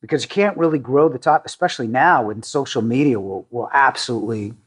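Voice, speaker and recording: A man's voice: mid-range voice, slightly rough. A middle-aged man from the Boston area, a company CEO, talking casually in an interview, with frequent restarts and fillers. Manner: halting, many restarts and fillers, self-deprecating.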